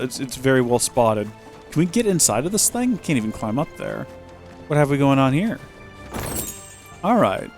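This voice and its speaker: Brief: male let's play host, rambling, jokey gameplay commentary, mid-pitched voice. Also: creaky.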